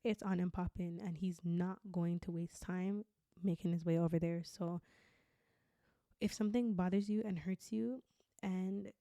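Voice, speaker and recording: A young woman hosts a podcast in a candid, chatty monologue, filling her talk with "like". Her voice is mellow and sits in a middle range, and the recording is dry and close, with no room sound. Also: mid-range voice, no room sound. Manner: candid, chatty, heavy use of "like". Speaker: podcast host.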